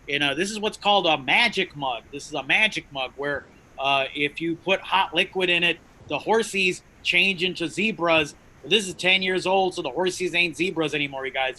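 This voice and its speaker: A man co-hosting a comedy show, doing a rambling, self-mocking stand-up bit in a shrill, nasal voice. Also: sharp tone, a little hiss or hum, poor audio. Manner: rambling, self-mocking jokes addressed to "you guys". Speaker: comedy co-host.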